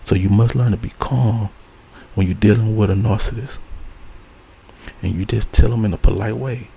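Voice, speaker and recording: Mellow low-voiced man giving earnest advice. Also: fairly even intonation, normal speed, gravelly, slightly rough, poor audio. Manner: earnest, repetitive, preacher-like phrasing. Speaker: host. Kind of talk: ASMR spiritual advice talk.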